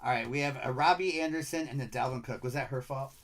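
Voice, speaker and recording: A man's voice: mid-range voice, fast, noisy background. Chatty middle-aged man with Michigan accent. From Michigan, USA. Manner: upbeat, chatty, rattles off player names. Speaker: card break streamer. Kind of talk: casual live-stream patter.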